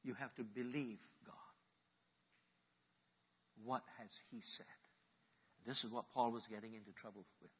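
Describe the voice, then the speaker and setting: Husky preacher man, dull lo-fi sound. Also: medium pitch, fairly even intonation, measured pace, pauses often. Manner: preaching, building from quiet questions to loud impassioned calls. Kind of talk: sermon.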